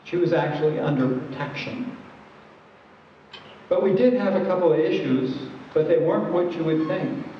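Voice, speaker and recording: A man's voice: on the high side, a little hiss or hum. A man giving a training presentation, telling a story in a conversational, wry way. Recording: echoey hall from far off, dull lo-fi.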